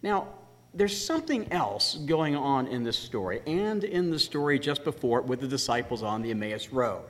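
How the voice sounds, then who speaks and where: A man preaching a sermon as pastor, animated and emphatic, slowing down to stress key words. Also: mid-range voice, long reverb tail.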